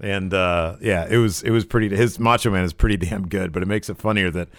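A man's voice: low voice, brisk, fairly bright tone, dry recording, clean studio sound. A man co-hosting a casual livestream, chatting about wrestling with eager, rambling talk full of restarts. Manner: enthusiastic, rambling with restarts and frequent agreement sounds. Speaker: co-host.

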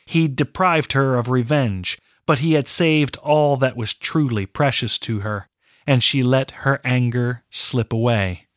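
A man narrating a fantasy novel in a measured, deliberate way. His pace is very unhurried and his pitch is middling. The sound is dry and close. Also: fairly bright tone, no room sound. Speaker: audiobook narrator. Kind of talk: scripted narration.

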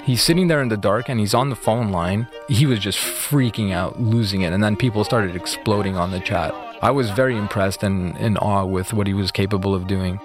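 A man's voice: fairly low pitch, brisk, hardly any pauses, over music. A man interviewed about his past, retelling events casually with lots of fillers. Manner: relaxed, filler-heavy retelling with acted quotes. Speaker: interview guest. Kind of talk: casual storytelling.

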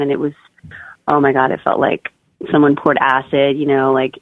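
A woman's voice: low-pitched, fairly quick, no echo. A young woman chatting casually as a podcast guest, full of fillers like "like" and "oh my God.". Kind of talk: casual birth-story interview. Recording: dry tinny phone-like line.

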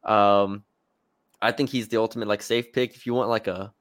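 A man's voice: lowish voice, steady tone, normal speed, no echo. A man co-hosting a sports podcast, talking casually and hedging with fillers and restarts.

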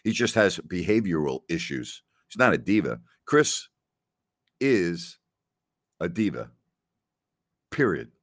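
Male host with a lowish voice, rambling and repetitive, dry close sound. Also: very animated, slow, long pauses, no echo. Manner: rambling storyteller who repeats phrases and laughs often. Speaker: podcast host. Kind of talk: casual solo chat answering listener questions.

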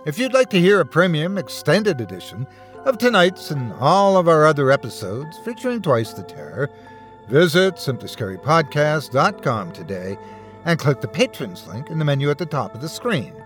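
A man's voice: on the high side, normal speed, soft background music. A man hosting a horror story podcast, giving a scripted narration. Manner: expressive storytelling, warm sign-off.

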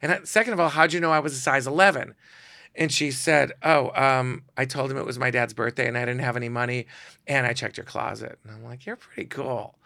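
A man's voice: mid-range voice, brisk, creaky, no room sound, clean studio sound. A middle-aged man, a guest storyteller, animatedly acting out the voices of people in his anecdotes. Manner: animated, acts out quoted voices. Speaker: guest storyteller, celebrity photographer. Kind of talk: casual storytelling.

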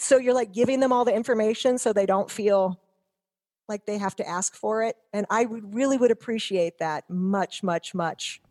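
A woman's voice: medium pitch, normal speed, darkish tone. A middle-aged woman guest, telling stories in a chatty, rambling way with many restarts. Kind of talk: casual chat.

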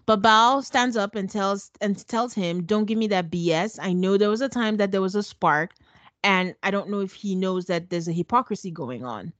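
A woman co-hosting a podcast, recapping a reality show in a sarcastic, animated, chatty way. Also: mid-range voice, normal speed, no echo. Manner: sarcastic, animated storytelling with acted quotes. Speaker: podcast co-host. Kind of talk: casual recap chat.

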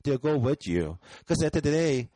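A man's voice: fairly high pitch, big pitch swings, brisk, mellow, dry recording. A man, a stand-up comedian guest on a podcast, chatting casually and agreeing often. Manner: easygoing, frequent agreeing "yeah". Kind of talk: casual chat.

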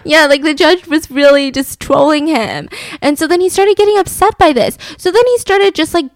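A woman co-hosting a casual podcast, telling a true crime story with lively acted-out quotes and frequent swearing. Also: high voice, normal speed. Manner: animated storytelling, acts out quotes, swears freely. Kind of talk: casual chat.

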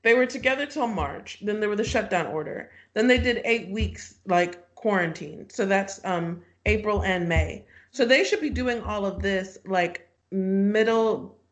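A woman's voice: medium pitch, a little slow, hardly any pauses. A woman co-hosting a casual podcast, rambling with lots of "like.". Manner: lively, rambling, fillers like "like". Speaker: podcast co-host. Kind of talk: casual chat.

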